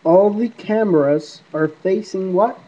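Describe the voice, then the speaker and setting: Rambling vlogger man who talks back to invisible spirits, mellow voice, dull lo-fi iPod sound. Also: high voice, measured pace. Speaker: paranormal app vlogger. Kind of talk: casual rambling monologue to camera. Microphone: iPod camera mic.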